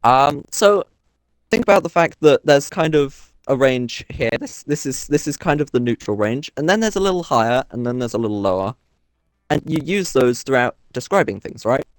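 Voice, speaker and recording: A man chatting on a game stream, halting and self-deprecating as he rambles through explanations. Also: mid-range voice, lively intonation, no echo, clean studio sound. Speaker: co-player on stream. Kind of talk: casual gaming chat.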